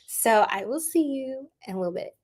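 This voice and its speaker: A woman's voice: on the high side, animated, moderate pace, darkish tone. Chatty, upbeat woman livestream host. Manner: chatty, upbeat, greets viewers by name, laughs often. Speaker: tarot reader livestream host. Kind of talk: casual livestream chat with viewers.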